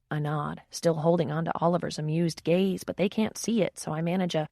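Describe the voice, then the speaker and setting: A woman narrating a romance audiobook in the first person, with wry, expressive storytelling. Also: low voice, a little fast, hardly any pauses, no echo, studio quality.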